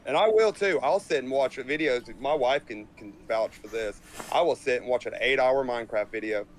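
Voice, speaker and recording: A man's voice: mid-range voice, normal speed, rough recording. A man in casual chat, talking emphatically, repeating himself and swearing casually.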